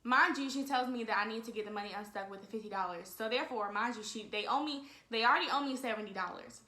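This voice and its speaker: A young woman in her twenties with a fairly high, bright and forceful voice. She tells a casual storytime to her viewers, animated and direct, often calling them "y'all". The room around her sounds echoey. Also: quick pace. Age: 20s. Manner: animated, talks straight to viewers, frequent "y'all". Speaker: vlogger telling a story.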